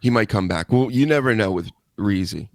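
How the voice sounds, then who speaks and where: A man's voice: on the low side, fairly quick, dry recording. Joking, swearing male show host, dry sound. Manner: loose, joking, swears casually. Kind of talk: casual live show chat.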